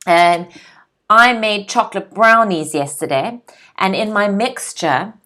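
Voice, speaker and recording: Slow, careful English teacher, woman. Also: medium pitch, sharp tone. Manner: slow, clear pronunciation drills with frequent check-ins. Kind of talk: vocabulary lesson.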